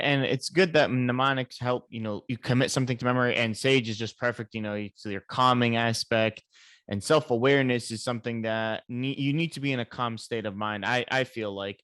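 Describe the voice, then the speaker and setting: A man's voice: medium pitch, steady tone, normal speed, fairly bright tone, clear, resonant tone, dry recording, studio quality. A man hosting a podcast interview, talking in a thoughtful, agreeable way. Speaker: podcast host. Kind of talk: casual interview.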